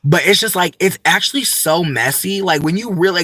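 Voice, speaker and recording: A man's voice: high-pitched, expressive, moderate pace, hardly any pauses, fairly bright tone, dry recording. A young man, rambling in a profane, campy, unscripted vlog monologue full of asides. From United States. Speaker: vlogger.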